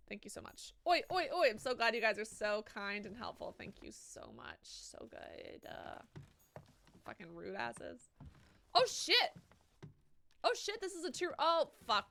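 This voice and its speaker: Bright-voiced, swearing woman streamer. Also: mid-range voice, expressive, moderate pace, creaky. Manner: swears freely, reads chat aloud and reacts to it. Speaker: live streamer. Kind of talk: casual live-stream chat while gaming.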